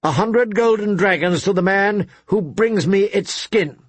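A male narrator raises his pitch to play a cool, imperious queen who speaks in slow, husky demands. The recording is dry and close, with nothing behind the voice. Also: animated, no room sound. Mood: cold, demanding. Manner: cool and commanding. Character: cold, scheming adult queen.

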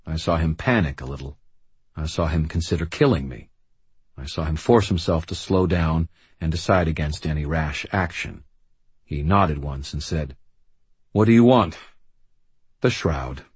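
A male audiobook narrator with a very low, deeply husky voice. He reads first-person fiction in a dry, measured, wry manner. The recording is close and completely dry. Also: dry recording.

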